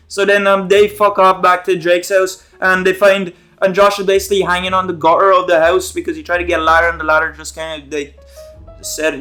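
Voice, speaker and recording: Young man, high voice, rambling, profane, casual recap commentary. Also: level tone, fairly quick, pushed and bright, soft background music. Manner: rambling, profane, with many fillers. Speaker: YouTube commentator.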